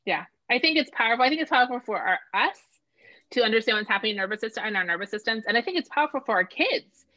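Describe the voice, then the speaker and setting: A woman's voice: on the high side, very fast, dry recording. A middle-aged woman in casual conversation, talking animatedly and acting out quoted voices. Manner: animated, acts out voices when quoting. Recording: dull lo-fi sound.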